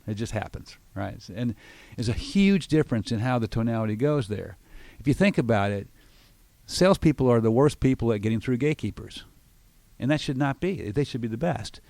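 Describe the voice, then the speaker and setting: A man's voice: fairly low pitch, no room sound. A man hosting a radio talk segment, explaining sales tactics and acting out sample phone lines. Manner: lively explanatory, acts out example phone lines. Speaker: sales trainer, radio show host.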